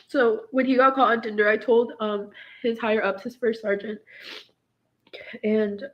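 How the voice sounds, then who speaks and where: A woman's voice: fairly high pitch, fairly even intonation, measured pace, pauses often, muffled recording. A woman in her twenties, speaking in a distraught, venting way in a personal vlog, filling her sentences with "like". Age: 20s. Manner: distraught, venting, heavy use of "like". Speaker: vlogger recounting her marriage.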